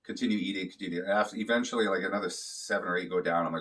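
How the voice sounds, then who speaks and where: A man's voice: low voice, rapid-fire, fairly bright tone, recorded from a distance. A man from Canada telling a casual personal story, rambling and swearing freely with plenty of fillers. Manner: rambling, profane, loose with fillers. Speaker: vlogger.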